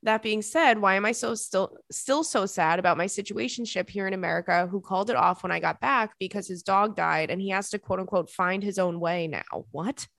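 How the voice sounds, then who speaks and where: A woman's voice: mid-range voice, fairly quick, vocal fry, hardly any pauses, dry recording. Sassy young woman reading listener emails. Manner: animated, sassy commentary with sudden loud reactions. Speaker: podcast host.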